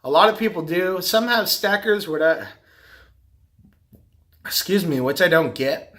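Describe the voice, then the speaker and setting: A man's voice: fairly high pitch, measured pace, fairly bright tone. A middle-aged man talking casually to the camera, rambling and repeating himself. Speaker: vlogger, carpet cleaner and business owner.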